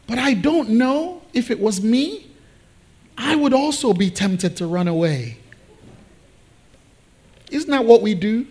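Animated preacher acting out Bible scenes. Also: male voice, very high-pitched, husky. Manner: animated, acts out biblical figures in quick asides. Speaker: pastor. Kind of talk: sermon.

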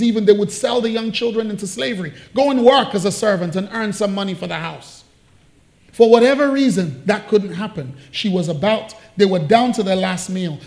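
A man's voice: sits high, darkish tone. A man preaching a sermon, telling a story with playful asides and jokes.

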